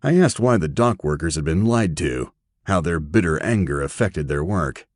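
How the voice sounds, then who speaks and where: A man reading an audiobook with steady, even narration. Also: low-pitched, moderate pace, dry recording, clean studio sound.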